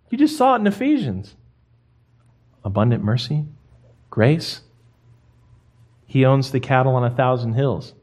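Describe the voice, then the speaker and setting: A young man delivering a sermon with an emphatic, lively manner. His voice sits in an average male range and rises and falls with quick swings from quiet to loud. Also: medium pitch. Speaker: pastor.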